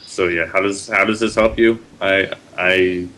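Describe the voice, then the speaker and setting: A man with a somewhat low voice is a player at a tabletop role-playing game. He asks questions in character and throws in jokey asides. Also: steady tone, measured pace, sharp tone. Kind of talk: casual tabletop role-play.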